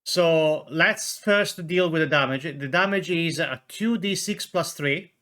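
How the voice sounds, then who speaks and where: Male dungeon master, bright and forceful tone, halting delivery full of fillers. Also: on the high side. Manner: hesitant, full of fillers, rules-focused. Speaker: game master. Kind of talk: running a tabletop game.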